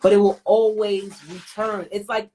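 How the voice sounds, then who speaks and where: A woman's voice: mid-range voice, flat delivery, measured pace, mellow. A woman hosting a casual live-stream chat from home on her phone, talking in a streetwise way and swearing freely. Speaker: host.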